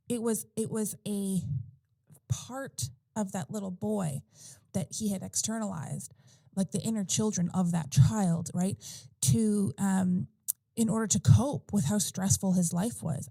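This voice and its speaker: A woman's voice: mid-range voice, gravelly, mellow, no room sound. A woman in a casual podcast conversation, telling a personal story in a rambling way with lots of fillers and restarts. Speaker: podcast guest or host.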